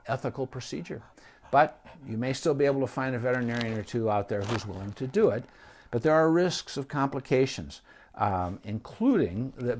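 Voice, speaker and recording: A middle-aged man talks through pet care as a veterinarian, unscripted and easygoing. He pauses on fillers and restarts his sentences often. His pitch sits in an ordinary middle range for a man. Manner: conversational, with frequent ums and restarts. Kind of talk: unscripted advice talk.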